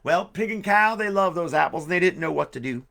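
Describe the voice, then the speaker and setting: Male storyteller, jokey and rambling, bright tone with some gravel. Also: high voice, lively intonation, brisk. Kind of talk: live-streamed storytelling for kids.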